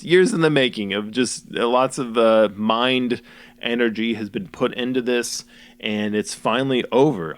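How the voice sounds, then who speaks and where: A young man musician rambling goofily through his own album commentary, joking at himself with lots of fillers. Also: medium pitch. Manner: goofy, self-mocking, many fillers.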